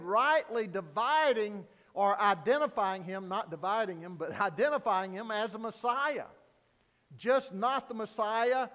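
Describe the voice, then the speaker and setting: High-voiced slow preaching man. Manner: earnest preaching, rising to loud emphasis then dropping low. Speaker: pastor. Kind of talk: sermon. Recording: long hall reverb.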